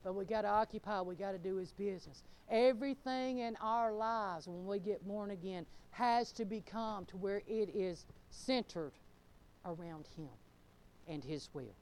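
A middle-aged woman pastor, preaching a fervent sermon that swings between loud exclamations and low, laughing asides. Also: moderate pace.

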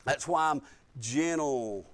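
An older man, a pastor telling family stories in a sermon and swinging from soft asides to bold, loud preaching. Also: fairly high pitch, slow. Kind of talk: storytelling sermon.

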